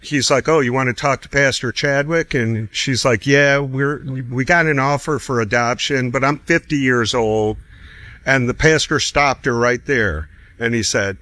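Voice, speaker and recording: A man's voice: mid-range voice, a little slow, no room sound. A middle-aged man telling a personal story in a casual way, acting out the voices of others and chuckling often. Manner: animated, acts out quoted voices, chuckles often. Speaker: guest telling his story.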